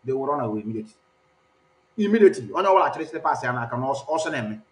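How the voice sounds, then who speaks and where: A man's voice: medium pitch, expressive, very fast, a little mellow, reverberant. A man hosting the show, mocking the clips he plays and switching between Igbo and English. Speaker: host. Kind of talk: commentary on played clips.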